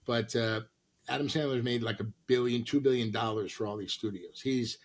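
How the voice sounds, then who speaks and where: A middle-aged man from Los Angeles, an actor and comedian, telling animated stories in an interview and acting out the people he quotes. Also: mid-range voice, moderate pace. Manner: animated anecdotes with acted-out quotes. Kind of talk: storytelling interview.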